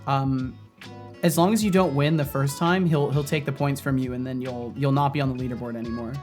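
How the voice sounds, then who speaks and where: A man's voice: medium pitch, fairly even intonation, brisk, darkish tone, faint music behind. A man streaming as a game developer, chatting casually, rambling and laughing often as he reads chat aloud.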